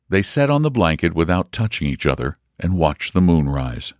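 A man reading a story aloud in a measured, expressive narration. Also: low-pitched, no echo, studio quality. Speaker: audiobook reader. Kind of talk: scripted narration.

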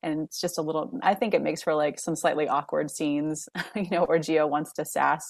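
Low-voiced chatty woman podcast host. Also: moderate pace, vocal fry, no room sound. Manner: chatty, animated, frequent laughs and "like". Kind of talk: casual chat.

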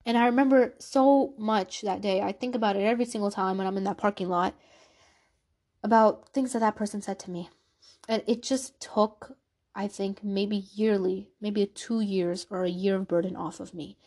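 A woman's voice: mid-range voice, steady tone, moderate pace, darkish tone. A woman hosting a podcast, telling a personal story in an earnest, confessional way and acting out the conversations she recalls. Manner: earnest, confessional, reenacts dialogue. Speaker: podcast host.

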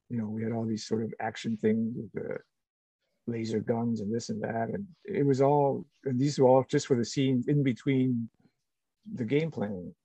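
A middle-aged man, an actor being interviewed, talking casually and haltingly with many restarts and fillers. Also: medium pitch, gravelly, warm tone, slightly rough, dry recording, low-quality recording. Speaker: actor guest.

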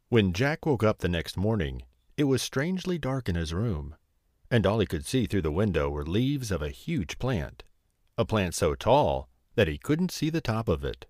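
A man tells a fairy tale slowly, with a fairly low voice that swings widely in pitch. The recording is dry and close, with no room sound. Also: dry recording. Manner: slow, lively storybook telling. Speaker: storyteller. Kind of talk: fairy tale read aloud.

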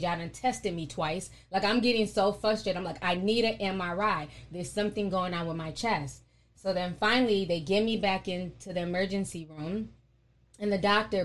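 A woman talking casually and bluntly to her followers, emphatic and swearing freely. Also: on the low side. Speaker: online content creator speaking to her followers. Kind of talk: casual unscripted talk to camera.

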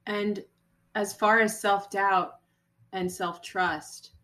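A woman's voice: mid-range voice, fairly even intonation, takes it slowly, a bit bright. A woman hosting a podcast, asking interview questions and giving brief supportive replies. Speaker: podcast host. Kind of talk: interview questions and short affirmations.

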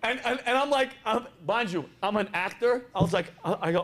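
The podcast host is a middle-aged man with a high-pitched voice who talks fairly quickly. He tells stories in a loose, chatty manner, animated and freely profane.

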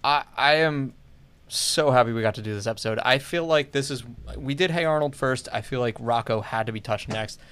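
A man's voice: mid-range voice, fairly quick, fairly bright tone, clean tone. A man co-hosting a podcast, talking in an enthusiastic, rambling casual way. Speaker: podcast co-host. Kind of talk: casual chat.

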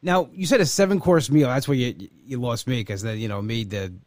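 A man's voice: medium pitch, fairly quick, dry recording. A man hosting a casual chat, stumbling and repeating words as he talks.

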